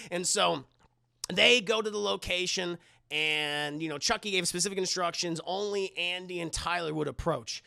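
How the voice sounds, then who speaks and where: A man's voice: high-pitched, moderate pace, vocal fry, bright, forceful tone. A man casually retelling a horror movie to a livestream chat, rambling and profane, often talking straight to the viewers. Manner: rambling, profane, talks to chat, many restarts. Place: home streaming setup.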